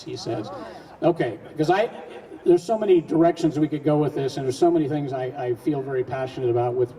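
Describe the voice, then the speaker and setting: A man's voice: a little high, mellow. A man giving an earnest, folksy public speech to a live audience, asking rhetorical questions and often restarting his sentences. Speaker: speaker at a public event. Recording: distant mic in a reverberant hall.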